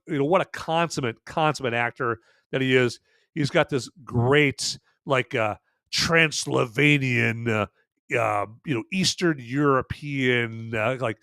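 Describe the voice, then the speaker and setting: A man's voice: medium pitch, lively intonation, a little slow, sharp tone, smooth, no echo, studio quality. A man hosting a live podcast, rambling through his movie picks with many fillers and restarts in casual commentary. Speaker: podcast host presenting a vampire movie list.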